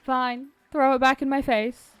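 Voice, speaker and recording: A woman voicing a cheeky high-pitched demon dog man. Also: flat delivery, measured pace, a little hiss or hum. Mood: teasing. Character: cheeky male dog demon, sarcastic trickster.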